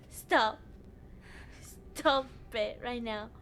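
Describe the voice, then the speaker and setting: Young woman game streamer, very high voice, lively, jumpy and swears a lot. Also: a little hiss or hum. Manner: jumpy, shrieks and giggles when scared; swears freely. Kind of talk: live gameplay commentary.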